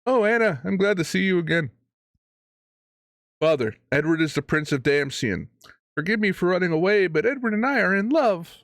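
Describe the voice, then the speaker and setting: A man's voice: sits high, lively intonation, moderate pace, a bit bright, dry recording, studio quality, voice pushed up. A man voicing a lovestruck young princess in a game, reading her lines in an earnest, pleading way.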